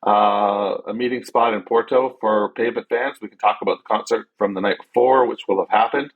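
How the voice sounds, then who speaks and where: A man's voice: lowish voice, steady tone, a little fast, narrow, tinny audio. A man hosting a podcast on his own, chatting casually in a rambling, loose way with lots of fillers and the odd swear word. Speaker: podcast host. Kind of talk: casual solo podcast chat.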